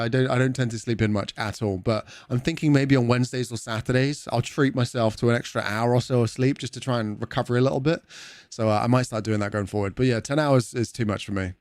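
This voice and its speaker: A man's voice: mid-range voice, steady tone, quick pace, darkish tone, no echo, clean studio sound. A young man with a British accent chatting casually with viewers on a live stream, swearing freely and laughing often. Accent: British English.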